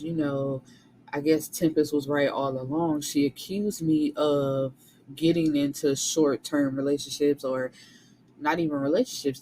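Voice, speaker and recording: Animated, cussing woman recapping a book. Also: low voice, slight background noise, low-quality recording. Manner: animated, profane, talks back at the characters. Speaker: book reviewer.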